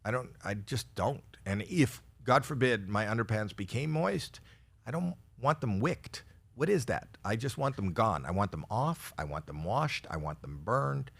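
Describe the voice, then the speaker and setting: A man in his sixties doing a stand-up set for an audience he cannot see. He spins long, self-mocking stories and keeps tripping into quick restarts before landing the punchline. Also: on the low side, lively intonation, creaky, a bit bright. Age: 60s. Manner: rambling, self-deprecating storytelling with frequent stammered restarts. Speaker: stand-up comedian. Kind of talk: stand-up routine for a virtual audience.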